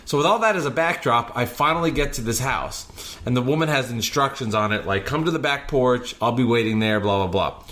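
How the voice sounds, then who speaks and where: A man hosting a podcast, telling animated stories from his delivery shifts in casual chat. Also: medium pitch, a little fast. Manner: animated anecdotes, breaks into singing. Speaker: podcast host and delivery driver.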